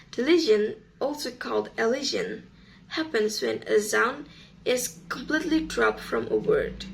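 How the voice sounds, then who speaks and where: A woman student reading a class presentation on sound rules, slow and careful. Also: on the high side, vocal fry, slight background noise, low-quality recording.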